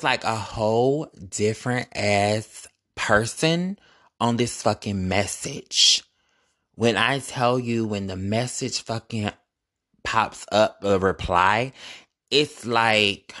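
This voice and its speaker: A young man telling a casual, animated storytime to his viewers, profane and full of sudden high-pitched outbursts. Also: slow pace. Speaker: vlogger.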